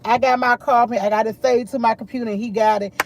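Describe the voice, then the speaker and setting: A middle-aged woman chatting casually to camera, full of animated retellings of what others said. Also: a little high, fast talker, a little hiss or hum. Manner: animated, quotes others a lot. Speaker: vlogger.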